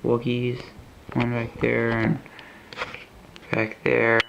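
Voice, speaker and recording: A man giving a casual show-and-tell of a model he built at home, talking in a rambling way with many halting restarts. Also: medium pitch, completely flat delivery, vocal fry, dull audio, noisy background. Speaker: LEGO builder showing his model.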